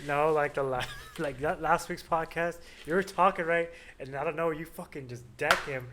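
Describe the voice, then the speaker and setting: A man's voice: fairly high pitch, moderate pace, noisy background. A man co-hosting a casual podcast chat, laid-back and dropping wry interjections. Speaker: podcast co-host.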